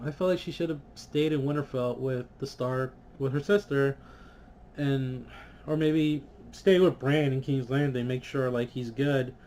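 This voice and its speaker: A man at an ordinary middle pitch vlogs a loose, frustrated review. He swears freely and peppers his talk with fillers. A faint background hiss sits under the voice. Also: darkish tone. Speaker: vlogger reviewing a TV episode. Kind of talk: casual ranting review.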